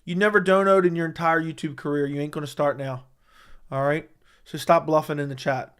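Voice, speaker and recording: Young man, livestream host, curt and profane with chat, slightly high voice. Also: fairly even intonation, brisk, a bit bright, clean tone. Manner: blunt, profane, dismissive banter.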